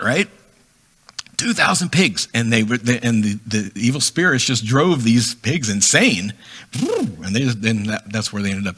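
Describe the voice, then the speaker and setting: Man, middle-aged, preacher, bright tone, casual bible teaching, chatty asides. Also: mid-range voice, husky. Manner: reads scripture then explains it in a chatty way, acting out voices with laughs.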